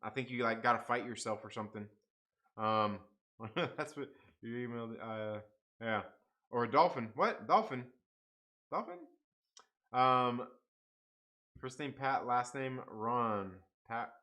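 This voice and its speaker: A man's voice: medium pitch, slow pace, long pauses, sharp tone. A young man hosting a live comics stream, chatting casually, reading the chat aloud, swearing and laughing often.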